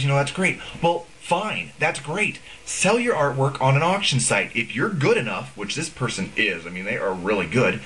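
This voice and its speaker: A young man vents in a casual video blog, sarcastic and profane, his pitch leaping up and down as he rambles. Faint background noise sits under the recording. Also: fairly bright tone, poor audio. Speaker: video blogger. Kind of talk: casual ranting vlog.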